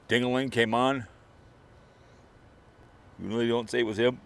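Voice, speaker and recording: A man's voice: medium pitch, steady tone, normal speed, gravelly, long pauses, a bit bright. A middle-aged man rambling through a sarcastic mock eulogy on his video channel, at times putting on strained fake sobbing. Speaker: online video creator. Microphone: camera or phone mic, mic falls over.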